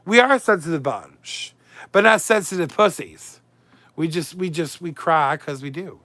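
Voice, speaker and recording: A man's voice: a little high, creaky, sharp tone, no echo. A man hosting a casual livestream, chatty and emotional, swinging between moods as he reads and answers his viewers' comments. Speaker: livestream host.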